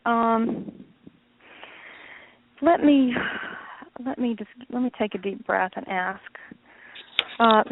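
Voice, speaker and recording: A woman's voice: a little high, no echo. Rambling woman medium on a phone line. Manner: rambling, searching, many fillers and restarts. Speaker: psychic medium guest. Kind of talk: casual radio call-in reading.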